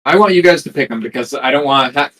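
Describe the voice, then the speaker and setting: A young man chatting casually as game master before a tabletop session, relaxed and full of fillers. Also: medium pitch, fast, poor audio. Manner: relaxed, rambling, lots of fillers.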